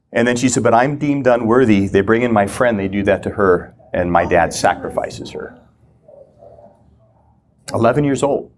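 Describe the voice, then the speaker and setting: A middle-aged man teaching as a guest, telling a personal story and acting out the lines he quotes. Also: on the low side. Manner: animated storyteller who acts out quoted lines.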